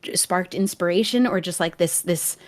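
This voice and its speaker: A woman's voice: on the low side, normal speed. A young woman in casual chat, speaking firmly and reflectively about her own experience.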